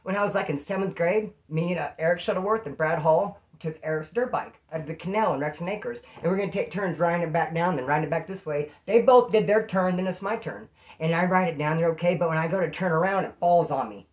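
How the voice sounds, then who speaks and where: A man's voice: on the high side, quick pace. A man telling stories to the camera in a casual, slangy way, acting out quotes in a raised voice. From California. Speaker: storyteller.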